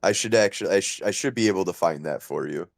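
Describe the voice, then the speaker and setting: A man hosting a podcast, telling a story in an animated, casual way, full of fillers and laughter. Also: deep voice, quick pace, no echo. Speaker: podcast host.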